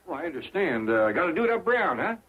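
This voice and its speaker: A man's voice: on the high side, sing-song, fast talker, narrow, tinny audio, background noise. An actor playing a kindly, easygoing middle-aged hillbilly man in a 1960s sitcom, with a Southern rural accent. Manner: easygoing, folksy. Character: kindly folksy hillbilly patriarch. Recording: thin old TV audio with laugh track.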